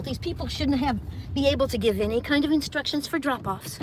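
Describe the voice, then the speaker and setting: A woman's voice: high voice, fairly quick. An older woman, a delivery gig driver, vents in an angry, profane monologue from inside her car. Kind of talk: venting vlog monologue. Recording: car and road noise.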